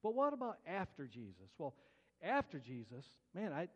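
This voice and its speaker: A man's voice: on the high side, huge pitch swings, normal speed. Earnest preacher man in an echoing hall. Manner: earnest, colloquial storytelling with stammered restarts. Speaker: pastor. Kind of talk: personal testimony sermon. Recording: long hall reverb.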